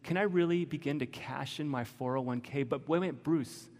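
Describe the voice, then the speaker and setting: Gravelly man preaching in a hall. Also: medium pitch, brisk, darkish tone. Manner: candid, emotional, conversational preaching. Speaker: pastor. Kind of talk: sermon.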